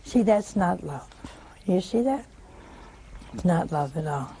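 A woman's voice: lowish voice, expressive, slow, creaky, dark tone, a little hiss or hum, rough recording. A woman preaching a sermon in a folksy, teasing way, often asking her listeners questions.

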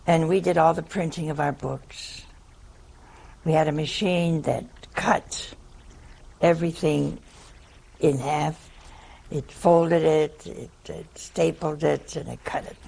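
A woman's voice: deep voice, vocal fry, warm tone, husky, rough recording. An older woman, a nun, telling a funny personal story to an audience in a folksy, self-mocking way. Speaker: nun, head of a religious community.

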